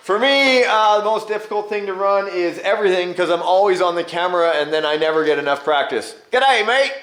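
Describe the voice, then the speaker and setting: A man hosting a casual hobby chat, excitable and quick to laugh. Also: high voice. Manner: excitable, laughs often, shouts when startled. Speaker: host.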